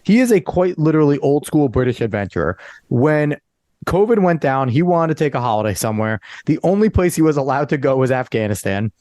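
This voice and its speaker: Animated man, lively pitch. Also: fairly quick, no room sound, clean studio sound. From Northeastern US. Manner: animated, excitable storytelling, leans on "quite literally". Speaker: podcast co-host. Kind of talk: casual chat.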